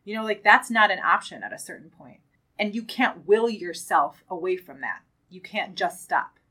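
A woman's voice: medium pitch, expressive, moderate pace, pushed and bright, slightly rough, rough recording. A woman hosting a podcast, talking in an earnest, emphatic conversational way with many casual fillers. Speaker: podcast host.

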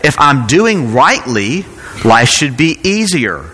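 A man's voice: a little high, big pitch swings, takes it slowly, bright, forceful tone, breathy edge, long reverb tail. A man preaching a sermon as pastor, talking in a conversational way and asking rhetorical questions.

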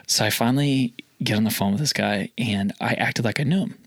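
A man telling a story in casual chat, acting out the calls with sudden jumps in pitch. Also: fairly quick, no echo. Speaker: guest telling a sales story.

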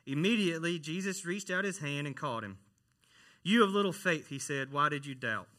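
A man's voice: a little high, animated, normal speed, bright, forceful tone. A man, a church worship minister, preaching a conversational sermon and often asking the congregation questions.

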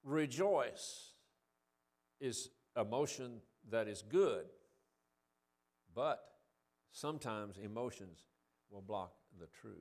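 A man's voice: medium pitch, expressive, slow pace, pauses often, darkish tone. Man, preacher, sermon, conversational, reads scripture aloud, asks listeners questions. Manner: reads scripture quotes in a raised voice. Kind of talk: sermon reading and explaining scripture.

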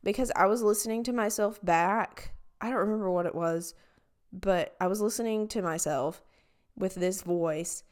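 A young woman with a raspy, nasal voice and a Southern country accent hosts a solo podcast. She rambles casually, leaning on "like" all the time. She speaks slowly, and her voice has a gravelly fry to it. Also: medium pitch, darkish tone. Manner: rambling, filler-heavy with frequent "like". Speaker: podcast host.

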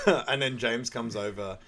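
A man's voice: medium pitch, very animated, slow, a bit bright. A man co-hosting a podcast, casually retelling a film's scenes and acting out bits of dialogue with laughter. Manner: laid-back retelling, acts out quotes with laughs. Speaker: podcast co-host. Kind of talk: casual film recap chat.

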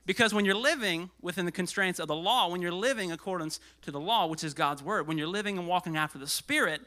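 This is a high-voiced man preaching fast and animatedly from the pulpit. He moves between loud outbursts and soft asides, growing breathless.

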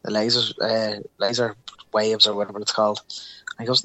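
Animated Irish man telling a story. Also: fairly low pitch, a little fast, dry recording. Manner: animated, acts out voices in his anecdotes. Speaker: podcast co-host. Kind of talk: casual storytelling chat.

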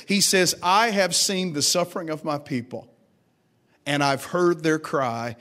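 Man, pastor, sermon, fairly high voice, dramatic quoting. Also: a little slow, bright, forceful tone. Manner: dramatic rises when quoting God.

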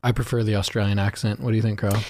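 A man's voice: on the low side, level tone, very fast, darkish tone, no room sound. A man hosting a podcast, bluntly joking as he interviews his guest in casual chat. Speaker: podcast host.

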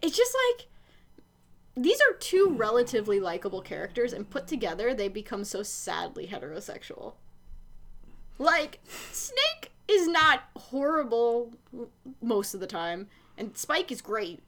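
A woman co-hosting a podcast, recapping a TV episode in casual, animated chat, with lots of swearing and filler words. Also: fairly high pitch, unhurried. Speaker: podcast co-host.

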